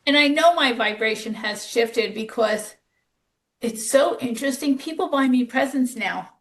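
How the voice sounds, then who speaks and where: In a podcast conversation, a nurse-turned-host swaps job stories in a chatty way and quotes what she said herself. She speaks at a normal speed in a high, slightly bright voice.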